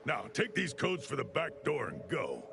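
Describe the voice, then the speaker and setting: A curt male military commander from a video game, handing out orders. His voice is heavily gravelly. A clear noise runs under the game audio. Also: medium pitch, huge pitch swings, moderate pace, full character voice.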